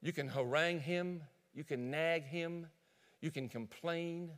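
A male pastor preaching a sermon in an animated storytelling way, addressing listeners directly. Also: fairly high pitch, measured pace, in a large hall.

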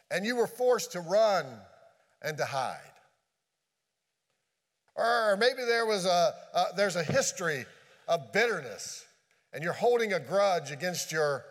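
A man preaching a sermon as pastor, earnest, dropping low and quiet on key phrases. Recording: long hall reverb.

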